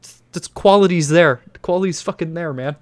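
Podcast co-host, male, fairly high voice, loose and sweary, bursts of excitement. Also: fairly quick. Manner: profane, excitable, laughs often. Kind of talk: casual podcast chat.

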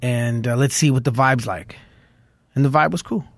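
A man's voice: mid-range voice, normal speed, dry recording. A man from Los Angeles, a musician guest, telling stories in a casual interview, with lots of fillers and restarts. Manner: rambling storytelling with many fillers.

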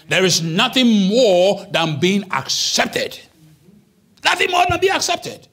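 A pastor from Ghana delivers his sermon in a husky, somewhat raised voice. His pitch moves all over the place, dropping low for quiet remarks and jumping high for emphasis, and he carries a lively, animated energy. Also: unhurried. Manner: animated preaching, leaps from hushed asides to high emphatic peaks. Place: church.

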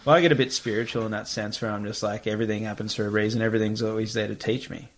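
A man's voice: on the low side, fairly even intonation, rapid-fire. Young aussie man, easygoing podcast storyteller, swears a lot. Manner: laid-back, swears freely, lots of fillers. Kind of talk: casual storytelling chat.

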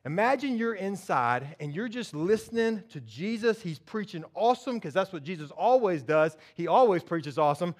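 A man preaching a sermon in a church, telling a story with lively acted-out voices. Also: high-pitched, normal speed, few pauses. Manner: animated storytelling, acts out characters. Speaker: pastor.

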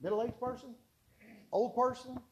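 A high-pitched man preaches a sermon. His tone is mellow and warm, and he tells homespun stories, circling back to repeat key points with emphasis. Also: steady tone, a little slow, lo-fi sound. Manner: folksy storytelling with emphatic repetition.

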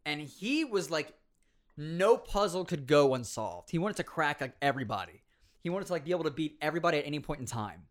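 A man in his twenties casually telling stories about competitive gaming, animated, laughing often and acting out quotes. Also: fairly high pitch, a little fast. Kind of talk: casual storytelling chat.

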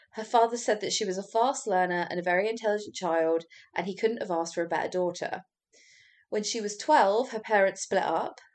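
A woman casually tells a true crime story on a podcast in a mid-range voice. She's chatty, laughs easily, and swears now and then.

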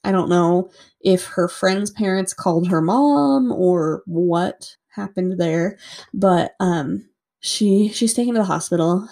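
A woman's voice: on the low side, dark tone. A woman casually recounting a true-crime story to a co-host, chatty with lots of "like" and free swearing.

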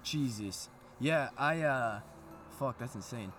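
A man's voice: medium pitch, slow, soft background music. Swearing young man telling wild stories. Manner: loose, profane, animated storyteller. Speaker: podcast co-host. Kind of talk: casual storytelling chat. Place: outdoors at an abandoned aqueduct at night.

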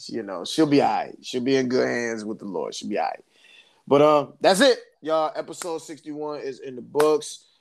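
A man's voice: medium pitch, normal speed, gravelly. A man, co-hosting a podcast and telling an emotional family story with many restarts. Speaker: podcast co-host. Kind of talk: casual podcast chat.

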